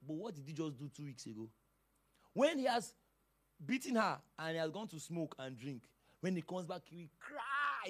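A male pastor delivers a sermon with emphatic, dramatic force and sudden outbursts. His voice sits high and leaps around with lively swings of pitch. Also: normal speed.

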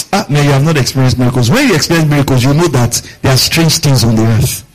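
On a rough recording, a quick-paced male pastor delivers a sermon. Asking the congregation questions and repeating key lines, he acts out his story characters, leaping high and low in pitch for their words.

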